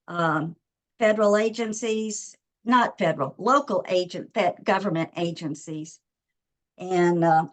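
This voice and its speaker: A woman, slightly out of breath, introducing her web design business in a chatty, rambling way on a video call. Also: mid-range voice. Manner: chatty and rambling, with many fillers.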